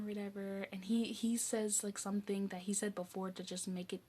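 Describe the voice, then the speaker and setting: A woman's voice: medium pitch, level tone, a little fast, dark tone, husky. A young woman reviewing a movie on her channel, retelling the plot in a loose, rambling way full of "like" and "um". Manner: rambling, chatty, heavy use of "like" and "um". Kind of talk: casual spoken movie recap.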